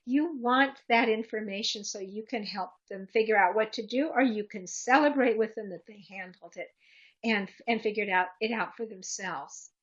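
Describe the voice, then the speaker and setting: A woman's voice: mid-range voice, normal speed, highs cut off. A woman presenter answering audience questions in a webinar, giving practical advice and acting out short commands aloud.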